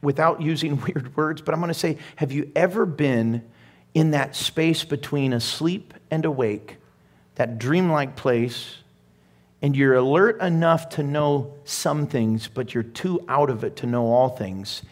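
A man's voice: a little high, unhurried. A middle-aged male pastor preaching a sermon in a conversational way, with laughing asides and growing emphasis.

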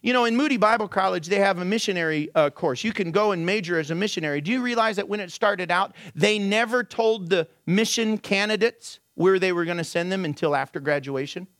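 A man preaching a sermon, telling stories with lively swings and asking the congregation rhetorical questions, sometimes dropping to low, quiet asides. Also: brisk, few pauses, no room sound, clean studio sound. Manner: animated storytelling with sudden drops to a low, quiet aside. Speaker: pastor.

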